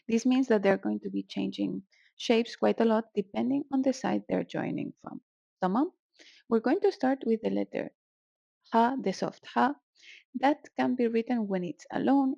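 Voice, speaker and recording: Gravelly-voiced woman teaching sounds playfully. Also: mid-range voice, darkish tone, no echo, highs cut off. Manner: playful, exaggerates sounds for effect. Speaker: Arabic teacher. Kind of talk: casual language lesson.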